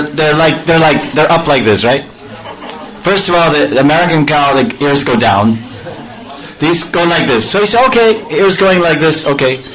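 A man giving a devotional storytelling sermon, playful and animated, acting out sounds and laughing often. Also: a little high, low-quality recording. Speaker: spiritual storyteller.

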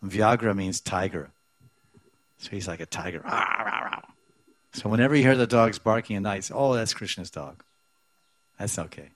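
A spiritual teacher with a fairly low voice leads a devotional scripture class at a moderate pace, leaving long pauses. He repeats words and chants verses before explaining them, and the recording has no room sound.

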